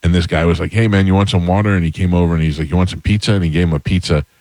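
A man's voice: sits low, steady tone, racing, darkish tone, no echo. A man hosting a radio talk show, telling stories and acting out the dialogue in casual chat. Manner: storyteller acting out quoted dialogue.

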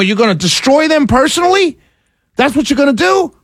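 A man hosting a political talk radio show, passionate and often yelling, with sarcastic asides, speaking close into a studio mic. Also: very high-pitched, expressive, fast, no room sound. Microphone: studio mic right in front of him.

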